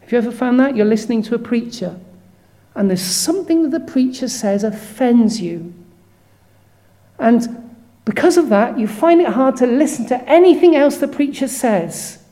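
A woman preaching a sermon in an earnest, measured way, stopping to read scripture verses aloud. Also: fairly high pitch, animated, dark tone.

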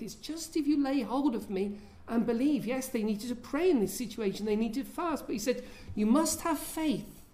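A woman's voice: mid-range voice, warm tone. A woman preaching a sermon in an earnest way, often asking her listeners questions.

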